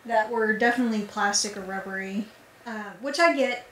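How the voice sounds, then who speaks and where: Woman podcast co-host, emphatic and opinionated, bright tone, roomy distant sound with faint noise. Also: mid-range voice, moderate pace. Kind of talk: casual movie-review chat. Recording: echoey room, far from mic.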